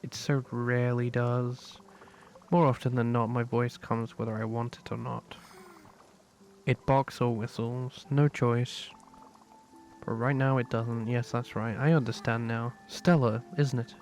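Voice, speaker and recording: A man voicing a mysterious ancient spirit, reading game dialogue in a quiet, hesitant, halting way over game music. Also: mid-range voice, flat delivery, a little hiss or hum, natural voice. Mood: hushed, hesitant.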